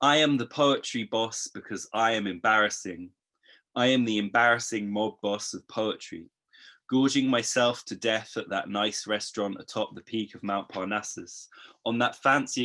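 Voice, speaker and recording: A man reading his poems aloud, expressive in the verse and hesitant and chatty between poems. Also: on the low side. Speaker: poet. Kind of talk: poetry reading.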